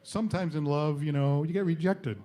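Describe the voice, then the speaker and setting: A male host works a studio stage with a monologue, chuckling at his own punchlines. His voice sits a bit higher than most men's. He jokes with a sidekick between gags. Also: moderate pace, warm tone. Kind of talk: comedy monologue.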